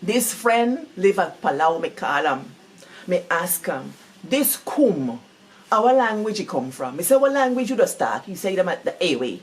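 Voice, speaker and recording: A woman with a Guyanese Creole accent, talking through a book in a casual, animated way and repeating words for emphasis. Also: on the low side, a little slow. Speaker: book reviewer.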